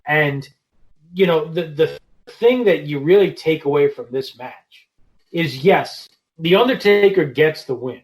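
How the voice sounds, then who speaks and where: A man guesting on a podcast, chatting about wrestling in a relaxed way with lots of fillers. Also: a little high, unhurried, low-quality recording. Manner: relaxed, heavy on "you know" fillers. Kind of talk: casual wrestling podcast chat.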